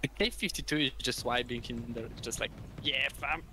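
Ein Mann mit polnischem Akzent, Polnisch als Muttersprache, der beim Spielen locker plaudert und seine Mitspieler neckt. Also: male voice, medium pitch, moderate pace, crowd noise. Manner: joking, teasing banter. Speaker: streamer playing a tank game. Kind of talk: casual gaming chat. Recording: noisy home mic.

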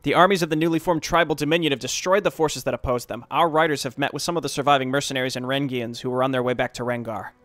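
A man's voice: medium pitch, fairly even intonation, quick pace, hardly any pauses, a bit bright, dry recording, close to an everyday voice. A man reading game dialogue as a dutiful royal messenger, giving a formal, respectful report. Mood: solemn.

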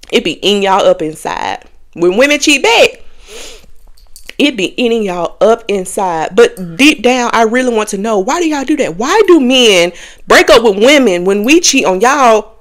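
Young woman podcast host spilling tea to her viewers, lively swooping voice, laughs a lot. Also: mid-range voice, normal speed. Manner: candid, animated, laughs often, talks straight to viewers. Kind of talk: casual confessional chat.

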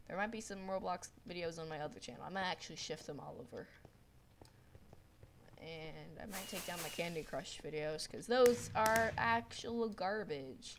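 A woman's voice: medium pitch, moderate pace, a little hiss or hum. Rambly teen girl gaming commentary. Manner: rambling, many "like" fillers, excitable outbursts. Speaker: gaming video creator. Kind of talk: casual gameplay commentary. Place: at home. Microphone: desktop microphone.

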